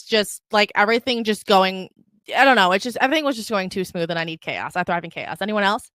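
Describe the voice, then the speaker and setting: A young woman hosting her own podcast, telling a story in a profane, animated rant and mocking the people in it. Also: medium pitch, fast talker, no room sound. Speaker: podcast host. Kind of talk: unfiltered solo podcast rant.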